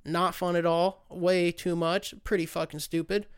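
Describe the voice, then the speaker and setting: An American podcast host with a high, smooth voice speaks a bit slowly and with flat delivery. Alone on his show, he launches into a rambling, fired-up rant full of profanity.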